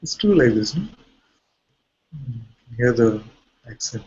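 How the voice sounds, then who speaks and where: A man with an Indian accent, a spiritual teacher giving a satsang talk in a calm, searching way. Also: mid-range voice, slow pace, muffled recording. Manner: calm, searching explanations with soft laughs.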